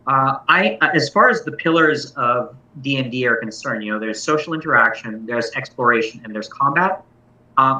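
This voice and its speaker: A man's voice: mid-range voice, pushed and bright. A man who runs tabletop games, giving a casual, thoughtful talk and explaining his methods at a convention. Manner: thoughtful, explanatory, self-correcting. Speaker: game master giving a talk. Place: convention room. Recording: echoey, distant, dull sound.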